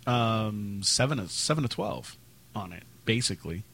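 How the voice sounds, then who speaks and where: A man co-hosting a casual gaming podcast, jokey and quick to throw in yelled bits. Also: animated, vocal fry, slightly rough. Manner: jokey, does squeaky character yells. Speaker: podcast co-host.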